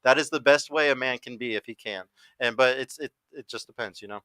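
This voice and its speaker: Young guy hosting a podcast, talks fast and bright, swears a lot, dry close sound. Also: mid-range voice, no room sound. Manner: blunt, profane, fast-talking. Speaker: podcast host. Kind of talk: casual panel chat.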